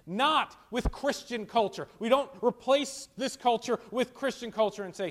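Man, high pitch, sermon, teaching tone, rhetorical questions, emphatic then hushed. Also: moderate pace, hardly any pauses. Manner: teaching, explains scripture word by word, rhetorical questions. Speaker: pastor.

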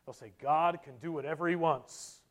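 A man with a notably high voice delivering a sermon. He rises to loud, emphatic passages, then drops to quiet, almost whispered asides to the congregation. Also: moderate pace. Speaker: pastor.

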